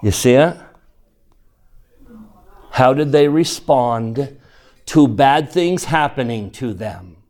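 A man's voice: mid-range voice, animated, slow pace, long pauses, darkish tone. A man teaching a scripture class, reading verses aloud and quizzing his listeners.

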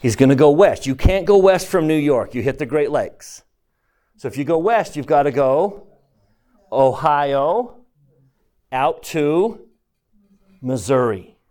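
A man's voice: a little high, animated, takes it slowly, long pauses, a little mellow. A man teaching a scripture lesson to a class, emphatic and asking the room questions as he reads verses aloud.

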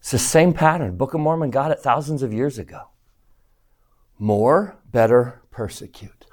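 Man, scripture teacher, animated, emphatic, rhetorical questions, mid-range pitch. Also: moderate pace. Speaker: religious teacher. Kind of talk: scripture lesson, reading a picture book aloud.

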